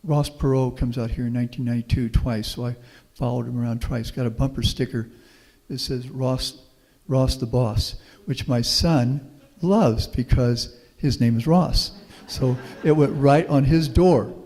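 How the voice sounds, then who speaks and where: The speaker, a middle-aged guest professor from Houston, Texas, talks at a measured pace with hardly any pauses, his medium-pitched voice a little mellow. He shares folksy anecdotes in a public talk and takes audience questions, recorded with the long reverb of a meeting hall.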